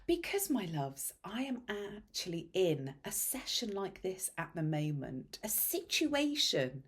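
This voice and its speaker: A woman hosting a mindset podcast, telling a story in a casual monologue with dramatic hushed asides. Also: mid-range voice, big pitch swings, unhurried, few pauses, husky. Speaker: podcast host and mindset coach.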